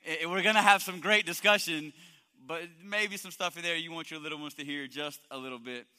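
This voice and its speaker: A male pastor preaching a lively sermon, joking and quizzing his congregation in a church hall. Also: fairly high pitch, a little fast. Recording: long hall reverb.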